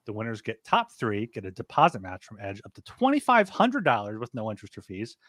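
Lively joking podcast host. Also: male voice, lowish voice, a little fast, no room sound. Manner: chatty, joking, lively promo delivery. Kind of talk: casual podcast chat and ad reads.

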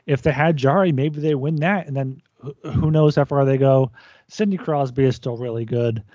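A man's voice: medium pitch, normal speed, a little mellow, no echo, lo-fi sound. A man from the United States co-hosting a casual sports talk, earnest, often restarting his sentences. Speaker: podcast co-host. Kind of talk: casual chat.

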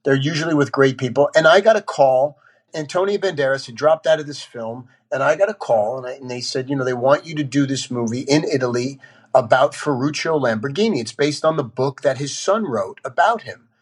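A man's voice: mid-range voice, brisk, slightly rough. A man, a guest on a podcast, telling candid stories bluntly and swearing casually. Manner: blunt, animated storyteller who swears casually. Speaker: actor guest.

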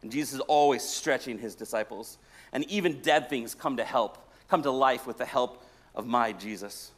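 This pastor has a mid-range voice and speaks at normal speed as he preaches. He spins stories, jokes with the people in the pews, and alternates between loud and hushed passages.

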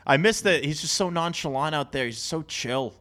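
A man co-hosting a casual sports podcast, animated and jokey, slipping into bits of mock outrage. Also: fairly high pitch, moderate pace. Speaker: podcast co-host.

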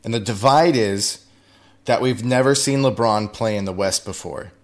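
A man on a sports panel reasoning aloud in a measured way. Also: lowish voice. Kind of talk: sports debate talk.

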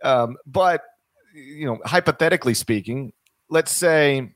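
A man's voice: mid-range voice, unhurried, dry recording. Dry-voiced man musing on college hoops. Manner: rambling, many restarts and fillers. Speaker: podcast co-host. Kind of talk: casual sports chat.

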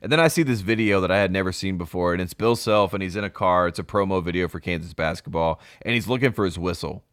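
A man's voice: low voice, fast talker, few pauses, a bit bright, dry recording, studio quality. A young man co-hosting a sports podcast, talking casually and enthusiastically, laughing as he goes. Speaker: podcast co-host.

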